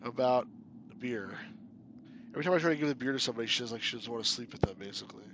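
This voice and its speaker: A man's voice: mid-range voice, racing, noisy background. A man casually commenting on a point and click game as he plays, joking and laughing often. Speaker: game reviewer. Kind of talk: casual let's-play commentary.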